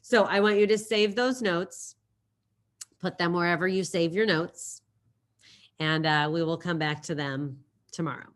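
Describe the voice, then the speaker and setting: A woman's voice: on the low side, steady tone, measured pace. A woman teacher talking her class through a recorded lesson in a chatty way, telling a silly memory story and repeating key phrases.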